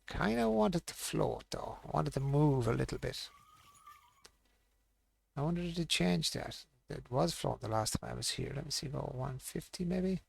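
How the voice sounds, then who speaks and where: A man's voice: medium pitch, expressive, moderate pace, vocal fry, breathy edge. A man streaming a fishing game, thinking aloud and muttering to himself as he plays. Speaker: gaming streamer. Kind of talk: casual live-stream commentary.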